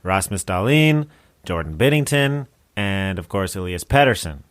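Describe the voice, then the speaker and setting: Low-voiced dry man co-hosting. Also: expressive, moderate pace. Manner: dry, wry punning. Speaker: podcast co-host. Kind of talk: casual chat.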